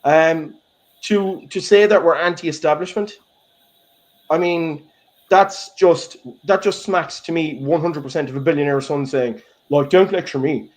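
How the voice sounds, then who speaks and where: A man's voice: fairly high pitch, a little slow. A man with a Kerry Irish accent giving heated, emphatic podcast commentary, tagging his points with "okay?" and "right?". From Ireland, County Kerry. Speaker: podcast co-host, blogger. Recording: muffled lo-fi online call audio.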